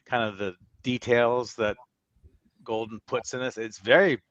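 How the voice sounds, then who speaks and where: A man's voice: medium pitch, steady tone, measured pace, a bit bright, no room sound, muffled recording. A man on a video call commenting thoughtfully on the comic art market in a casual discussion. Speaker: panelist.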